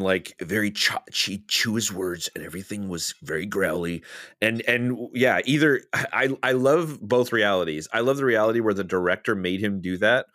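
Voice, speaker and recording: A man co-hosting a podcast in casual chat, relaxed and agreeable. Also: lowish voice, no room sound, clean studio sound. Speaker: podcast co-host.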